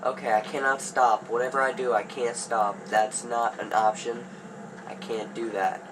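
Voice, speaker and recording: A man's voice: medium pitch, flat delivery, moderate pace. A man commentating a horror game as he plays, jittery and panicky and talking to himself. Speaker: gamer. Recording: hum of background noise.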